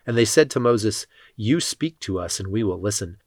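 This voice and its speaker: A man reading Bible passages aloud in a measured, solemn way. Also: fairly low pitch, animated, no room sound, clean studio sound. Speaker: scripture reader.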